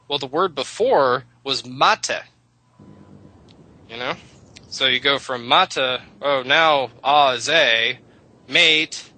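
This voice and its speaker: Bright-voiced man explaining language history. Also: mid-range voice, rough recording. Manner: rambling, lecturing, swears casually. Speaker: radio show host. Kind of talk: casual radio chat about language history.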